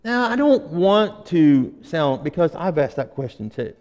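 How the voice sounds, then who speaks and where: High-voiced pastor preaching in a reverberant hall. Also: male voice, expressive, unhurried. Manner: conversational preaching that builds to emphatic, loud stretches. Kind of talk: sermon.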